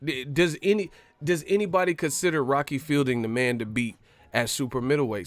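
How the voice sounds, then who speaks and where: A man talking casually on a live stream, full of slang and cursing. His voice sits in a middle pitch, and his delivery is loose and chatty. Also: brisk, dry recording. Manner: loose, slangy, profane, laughing storyteller. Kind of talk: casual boxing talk.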